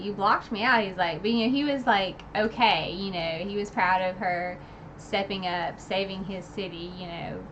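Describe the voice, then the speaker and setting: A woman's voice: medium pitch, a bit bright, slight background noise. A woman giving a casual, gushing book recap, full of "like" and "um". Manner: gushing, filler-heavy with many "like" and "um". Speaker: book reviewer.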